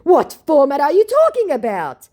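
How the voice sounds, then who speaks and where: A woman putting on an arrogant male scammer, his broken English read out in a high, lilting, slowed voice that swings wildly in pitch. He sounds pushy and indignant. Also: huge pitch swings, darkish tone. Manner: indignant, demanding.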